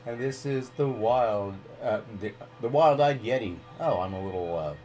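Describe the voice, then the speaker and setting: A man's voice: medium pitch, normal speed, a little mellow, faint music behind. A man hosting a casual live stream, rambling and ranting freely with plenty of swearing.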